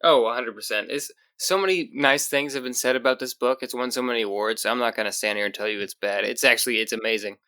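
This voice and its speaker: A man's voice: mid-range voice, fast, few pauses, bright, forceful tone, no echo. A man co-hosting a casual podcast about comics, talking enthusiastically with lots of fillers. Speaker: podcast co-host. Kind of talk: casual chat.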